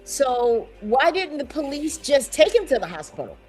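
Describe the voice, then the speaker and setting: A woman's voice: sits high, big pitch swings, moderate pace, a little mellow, soft background music. A woman hosting a talk show, probing her guest with pointed follow-up questions. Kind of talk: interviewing a guest.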